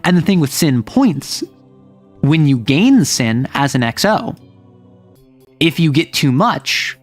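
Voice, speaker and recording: A man with a somewhat high voice hosts a casual chat about tabletop game rules. He rambles animatedly, full of fillers and restarts, while faint music plays underneath. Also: big pitch swings, takes it slowly. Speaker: host.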